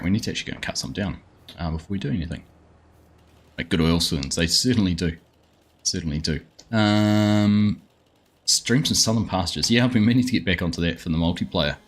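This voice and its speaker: A man's voice: low-pitched, a bit bright, a little hiss or hum. A man with an Australian accent, chatting casually with viewers as a live game streamer and greeting them by name. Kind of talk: casual live-stream chat while playing.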